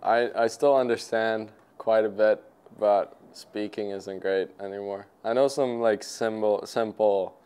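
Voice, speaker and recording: A Swedish man in his twenties, a hockey player appearing as a guest, chats casually in English, his second language, with a Swedish accent. His voice is lowish, clear and resonant, with a measured pace. He sounds relaxed and easygoing, using lots of fillers.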